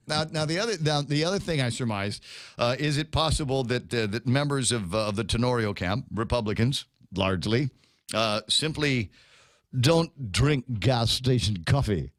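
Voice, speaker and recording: A man's voice: mid-range voice, animated, normal speed, fairly bright tone, no room sound, studio quality. Chatty man hosting a morning radio show. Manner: chatty, laughing at his own jokes, frequent restarts. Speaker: radio talk show host. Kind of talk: casual morning radio chat.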